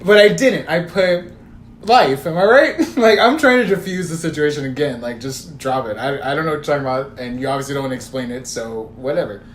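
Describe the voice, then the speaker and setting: A man's voice: medium pitch, a little fast. A young man, a podcast co-host, casually telling a story with lots of swearing and quoted text messages. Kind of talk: casual chat. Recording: roomy echo, faint room noise.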